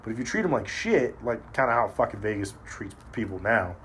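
A man talking in a casual chat, blunt and profane, telling animated stories as a podcast host. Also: on the low side, a little fast, a little hiss or hum.

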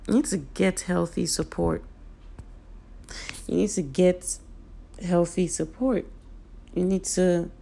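This woman from Nigeria has a lowish, husky, creaky voice with a darkish tone, and today it sounds a bit off. She offers her viewers an earnest, emphatic motivational talk, driving home her key points through repetition.

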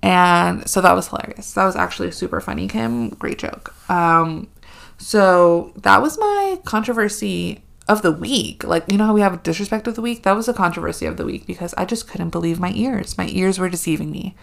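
A young woman with a low, gravelly voice hosts her own podcast. She talks in a casual, sarcastic way, gets heated and curses freely. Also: moderate pace. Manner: sarcastic, animated, swears freely. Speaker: podcast host. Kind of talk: casual solo podcast rant.

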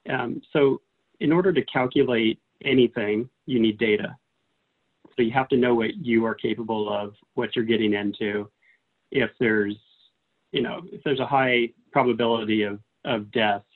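Man laughing easily over a tinny line. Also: mid-range voice. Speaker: podcast guest, adventurer. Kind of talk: casual podcast chat.

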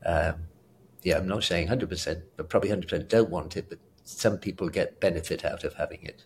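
Speaking fairly quickly in a low-pitched voice, with slight background noise, a retired doctor from South Africa chats casually as an interview guest. The older man has a British accent and tends to ramble, chuckle and self-correct.

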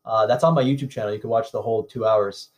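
A young man from Canada chats about his acting career as an interview guest. He rambles easily, padding his sentences with "like" and "um", and sounds relaxed and unhurried. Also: lowish voice. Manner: easygoing, rambling, frequent "like" and "um". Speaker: actor guest. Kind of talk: casual interview chat.

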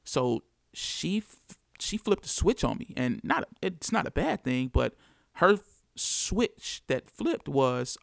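A man's voice: medium pitch, very animated, takes it slowly, creaky, dry recording, studio quality. A man from the United States telling his story as a father in an earnest, reflective monologue, repeating key phrases for emphasis.

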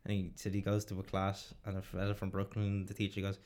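A man's voice: low-pitched, completely flat delivery, quick pace, darkish tone. Young man, laughing, swearing podcast co-host. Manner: laughs often, swears, mimics comedians' bits. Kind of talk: casual chat.

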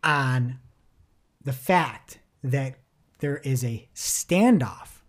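Animated woman podcast co-host. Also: a bass voice, very slow. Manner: animated, laughing, mock voices when quoting. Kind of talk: casual chat about search marketing news.

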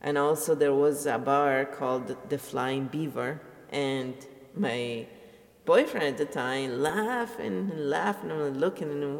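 An Italian vlogger, a middle-aged woman, rants bluntly to camera in a rambling personal vlog, swearing freely. Her voice is deep and a little slow, and it sounds like she's in a large hall.

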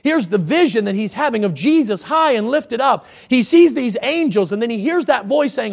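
A man's voice: extremely high pitch, animated, moderate pace, vocal fry. A male pastor preaching a sermon in church, rising to emphatic, dramatic quotations. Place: church sanctuary.

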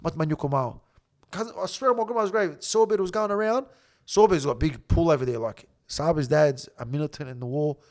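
A middle-aged Australian man telling a story as a podcast guest, blunt and animated, swearing heavily. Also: fairly high pitch, fairly quick.

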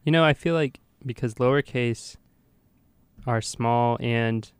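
A man's voice: medium pitch, takes it slowly, clean tone, no room sound. A young man guest on a casual talk show, making dry, puzzled remarks. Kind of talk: casual podcast chat.

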